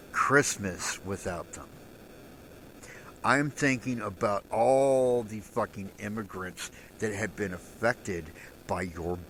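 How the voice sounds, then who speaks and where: A man hosting a solo show, delivering an angry, profane rant and raising his voice to a shout at times. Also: on the low side, a little hiss or hum, rough recording. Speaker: podcast host.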